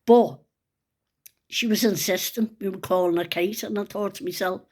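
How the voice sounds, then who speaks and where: A woman's voice: medium pitch, fairly even intonation, moderate pace, a little mellow. A middle-aged woman, chatting to camera and telling a personal story in a rambling, earnest way. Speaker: vlogger. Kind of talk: casual chat to camera.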